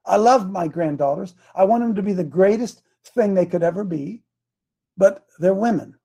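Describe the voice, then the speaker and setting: A man's voice: high-pitched, moderate pace, gravelly, mellow, breathy edge. An older man hosting a talk show, speaking in an emphatic, fired-up, preachy way.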